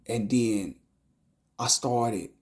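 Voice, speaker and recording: Recounting a dream in an emotional testimony, a man with a mid-range voice falters often, trips over words, and circles back on phrases. At times his voice falls to a hushed whisper.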